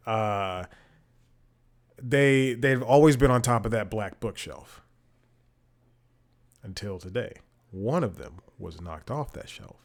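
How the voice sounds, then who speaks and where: Rambling, lower-pitched man on a comedy podcast. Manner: rambling, restarts, exasperated swearing. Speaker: podcast host. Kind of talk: rambling casual chat. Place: home room with bookshelves.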